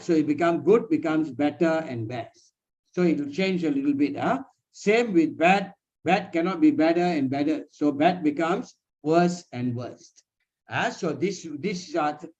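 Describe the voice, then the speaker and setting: A man's voice: on the high side, darkish tone. A man tutoring over a video call, patiently explaining grammar and often checking with "huh?" and "you see". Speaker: English tutor. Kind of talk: one-on-one online lesson. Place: personal meeting room, indoors. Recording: dull lo-fi video call audio.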